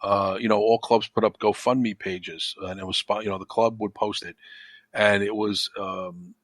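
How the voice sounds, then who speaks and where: A man's voice: on the low side, fairly even intonation, moderate pace, dry recording. A man talking as a podcast guest in a rambling, repetitive way, with lots of "you know.". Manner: rambling, repeats himself, frequent "you know". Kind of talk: casual conversation.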